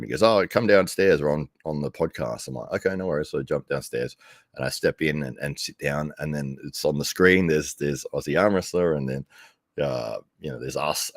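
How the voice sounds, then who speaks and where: A middle-aged man with an extremely low, deep voice tells a casual, rambling story. He chuckles often and perks up when quoting himself. He is recorded close to the mic in a dry space. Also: dry recording. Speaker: arm wrestling commentator.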